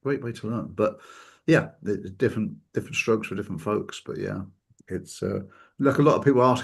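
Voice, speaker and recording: A man's voice: on the low side, a little fast, gravelly, slightly rough. A man hosting a casual talk show, telling stories and mimicking the people he quotes. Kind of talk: casual chat.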